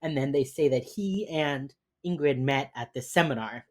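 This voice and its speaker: A woman's voice: a bass voice, normal speed, darkish tone. A woman co-hosting a podcast, chattily retelling a TV episode with lots of fillers. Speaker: podcast co-host. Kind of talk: casual chat recapping a TV episode.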